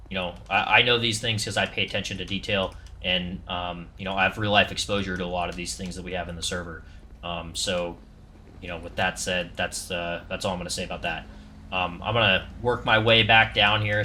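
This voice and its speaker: A man with a low voice gives a casual walkthrough of his game server. His tone is bright and forceful, though his delivery stays loose and rambling, full of ums and false starts.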